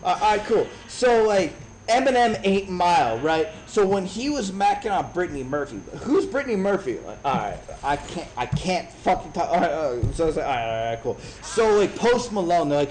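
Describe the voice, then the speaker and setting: A man in his thirties from Chicago, telling a profane, animated story in a casual rant while streaming a game. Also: high voice, normal speed, crowd noise, low-quality recording. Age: 30s.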